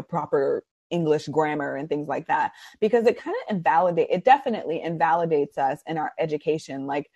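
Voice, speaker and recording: A woman's voice: low-pitched, slightly rough, no room sound, muffled recording. A woman chatting casually as a podcast host, telling personal stories and laughing often. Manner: animated storytelling with frequent laughs. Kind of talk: casual conversation.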